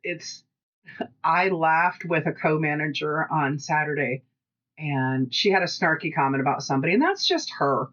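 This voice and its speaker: A woman with a Pacific Northwest American accent, co-hosting a podcast in casual chat and telling stories with lively quoted dialogue. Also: low voice, normal speed, lo-fi sound. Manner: chatty storytelling, animated quoted dialogue. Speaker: podcast co-host.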